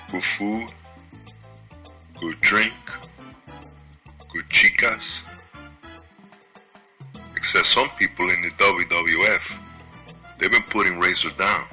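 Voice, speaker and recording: A man's voice: low-pitched, pushed and bright, full character voice. A man playing an arrogant, swaggering wrestler in a promo skit, with a put-on Spanish accent and a cocky, taunting, sarcastic way of talking. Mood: boastful. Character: arrogant swaggering male wrestler, slick tough guy.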